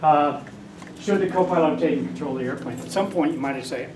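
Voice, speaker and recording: A man's voice: on the high side, fast talker, recorded from a distance, background noise. Older man lecturing in an echoey hall. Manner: rambling storyteller, acts out quoted voices. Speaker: guest speaker. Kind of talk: casual lecture.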